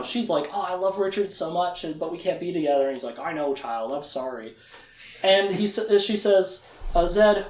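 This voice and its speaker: Animated man in an echoey room. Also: fairly high pitch. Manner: animated, acts out characters' lines in quick quoted voices. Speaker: podcast host. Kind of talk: casual book recap.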